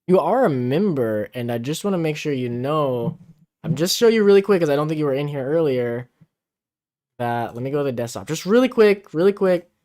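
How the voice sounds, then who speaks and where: A man with a fairly high, expressive voice, a little fast and slightly mellow, co-hosts a casual livestream from his home in the Philippines. He chats and reads viewer comments aloud, picked up by a camera-mounted mic out of frame.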